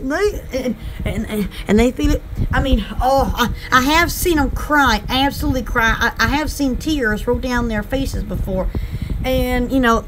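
A woman's voice: high voice, noisy background. A woman hosting a casual livestream chat, rambling and giggly with lots of fillers and folksy rural slang. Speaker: channel host and small shop owner.

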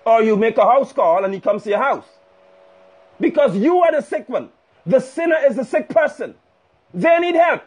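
Streaming live from a phone, a male preacher delivers a fiery, scolding sermon. His voice is very high, husky and a little mellow, with lively intonation and a moderate pace.

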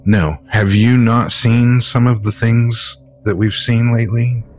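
A man's voice: mid-range voice, steady tone, a little slow, faint music behind. A man playing his character in a horror tabletop game, blunt and impatient. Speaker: player.

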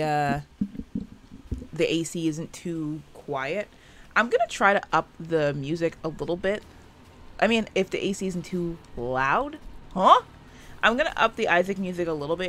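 Woman, lowish pitch, casual gameplay commentary, chatty, swears a lot, recorded at home. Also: a bit bright, slight background noise. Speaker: gaming video creator. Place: her own room at home.

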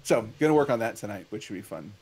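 A man hosting a casual chat, asking questions in an animated way. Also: lowish voice, quick pace, breathy edge. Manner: animated, questioning, laughs often. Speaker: host.

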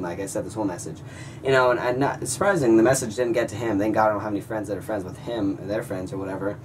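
A young man vlogging, telling a story to his viewers in an animated way and calling them guys. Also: fairly low pitch, racing, far from the mic, a little hiss or hum. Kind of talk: storytelling vlog.

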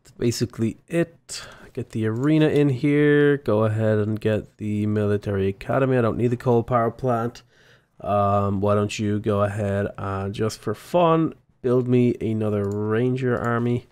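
A man's voice: fairly low pitch, steady tone, normal speed, darkish tone, clear, resonant tone. Chatty Australian man narrating his game. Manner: chatty, rambling, talks to units. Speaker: gaming YouTuber. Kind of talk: casual let's-play commentary.

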